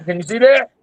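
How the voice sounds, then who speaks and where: A man's voice: very high-pitched, dry recording, rough recording. A man in his thirties talking heatedly and profanely in casual chat, rambling as he gets worked up. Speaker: guest.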